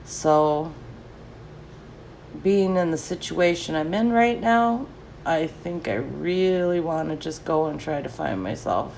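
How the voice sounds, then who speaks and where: A woman's voice: deep voice, lively intonation, slow pace, creaky, darkish tone, slight background noise. A middle-aged woman chatting casually and answering live comments, laughing often.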